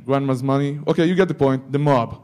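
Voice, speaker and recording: A man's voice: mid-range voice, fairly quick, a little mellow. A man giving a security conference talk, breaking into joking asides to the audience. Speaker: conference speaker.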